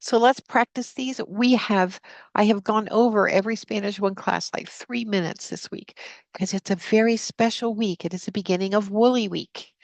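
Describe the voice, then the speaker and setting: A woman teacher speaks over a video call, with a gravelly edge in her voice. The sound is dry and close. She leads students through a spoken prayer and repeat-after-me vocabulary drills in an even, instructive way. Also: mid-range voice, moderate pace, no echo. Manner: prays aloud, then drills vocabulary with repetition. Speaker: Spanish teacher. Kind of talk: live online class teaching. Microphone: computer mic on a video call.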